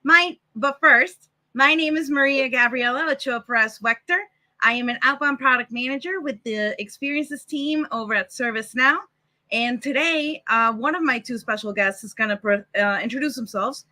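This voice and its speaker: A woman's voice: sits high, moderate pace, bright, forceful tone. A woman hosting a casual live developer show over a video call, chatty and upbeat. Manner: upbeat, chatty, laughs easily. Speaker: host and product manager.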